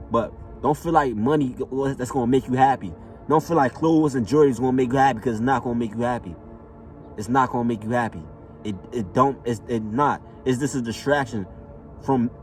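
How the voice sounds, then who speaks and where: A man's voice: medium pitch, darkish tone, recorded from a distance. Man urging listeners on from across the room. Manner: repetitive, emphatic, casual slang with frequent "know what I'm saying". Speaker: motivational vlogger. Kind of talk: motivational monologue.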